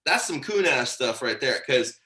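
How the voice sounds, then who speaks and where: A man who runs a fishing charter, telling stories in an animated, laughing way. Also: mid-range voice, moderate pace, echoey room. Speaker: fishing charter captain guest. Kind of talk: casual chat.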